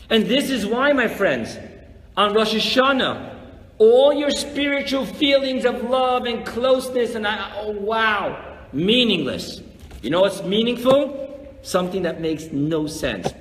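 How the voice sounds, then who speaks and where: A man, a rabbi, teaching a live weekly religious class, animated and full of rhetorical questions, acting out grumbling voices. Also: high voice, unhurried. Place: lecture room before a live audience. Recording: echoey hall with long reverb, faint noise.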